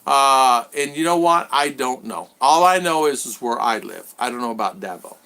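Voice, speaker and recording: A man's voice: mid-range voice, lively intonation, normal speed, gravelly, pushed and bright. A man hosting a casual live stream from a bedroom at home. He chats in a rambling way and repeats himself as he reads viewer comments aloud. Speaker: livestream host.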